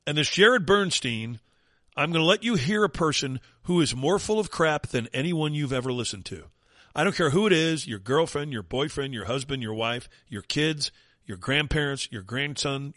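A man's voice: fairly high pitch, lively intonation, normal speed, fairly bright tone, no room sound, studio quality. A man hosting a talk radio show, delivering a sarcastic, mocking rant in an opinionated monologue.

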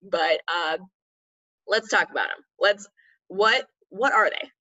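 A woman's voice: mid-range voice, slow pace, pushed and bright, no echo, muffled recording. A young woman hosting a casual podcast as an herbal medicine practitioner, chatty and upbeat, laughing often.

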